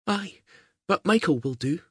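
A man voicing a gentle, earnest young girl with a soft, hurried way of speaking. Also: sits high, lively intonation, breathy edge, no echo, studio quality, voice pushed up, full character voice.

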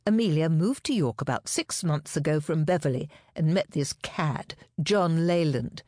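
A bold, cheerful lady detective, read by a woman in an audiobook. She talks briskly with cheerful sarcasm, the voice lifted above the reader's own low tone. The sound is close and dry. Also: lively intonation, darkish tone, dry recording. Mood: explaining.

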